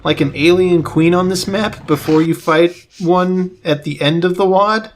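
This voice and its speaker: Relaxed man narrating his gameplay. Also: sits high, unhurried, a little hiss or hum. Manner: relaxed, explains gameplay as he goes. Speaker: let's play host playing the game. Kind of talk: casual gaming commentary.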